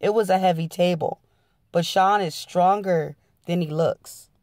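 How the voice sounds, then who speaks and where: A woman's voice: on the low side, measured pace, a little mellow, dry recording, studio quality. A woman hosting her channel, reading a memoir aloud in an earnest storytelling style. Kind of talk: dramatic audiobook-style reading.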